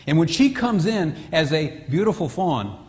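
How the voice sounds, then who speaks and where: A man giving a humorous marriage seminar talk at a retreat, telling stories in an animated way and acting out the characters. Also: fairly high pitch, normal speed, noisy background. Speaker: retreat speaker. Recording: reverberant hall.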